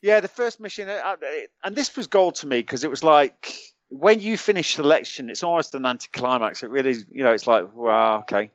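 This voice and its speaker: British man telling lively war stories. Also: mid-range voice, fairly quick, no room sound, highs cut off. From United Kingdom. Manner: animated anecdotes, chuckles often, many restarts. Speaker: podcast guest, former special forces soldier. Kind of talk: casual storytelling.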